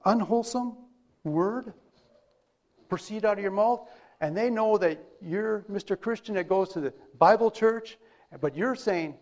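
A man preaching a sermon with a high-pitched voice. He talks in a loose, conversational way and keeps asking his listeners rhetorical questions. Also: unhurried.

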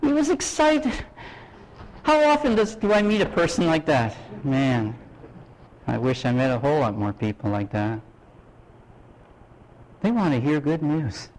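A man's voice: mid-range voice, normal speed, pauses often, poor audio. A middle-aged man from Canada preaching a sermon, telling stories with acted dialogue and asking his listeners questions. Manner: animated, acts out dialogue, asks audience questions. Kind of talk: sermon storytelling.

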